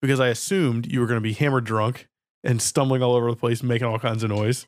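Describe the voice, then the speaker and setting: A man's voice: medium pitch, steady tone, quick pace, dry recording. A man in casual chat, blunt and dryly teasing.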